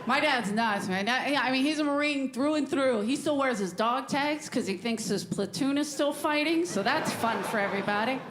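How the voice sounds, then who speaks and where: A woman's voice: high voice, normal speed, hardly any pauses. A woman comedian doing a brash, sarcastic stand-up set on a club stage. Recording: echoey club with crowd noise.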